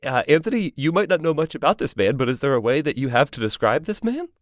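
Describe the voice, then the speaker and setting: A man's voice: on the high side, sing-song, fast, no echo, studio quality. A man narrating as game master for a tabletop game, talking loosely and chattily.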